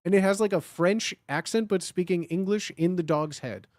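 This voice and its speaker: A man with a fairly high speaking voice chats casually on a stream. He rambles, stacking up filler words. The sound is dry and close. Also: darkish tone, no echo. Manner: rambling, with lots of filler words, and quick laughs. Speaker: guest on a livestream. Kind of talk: casual chat.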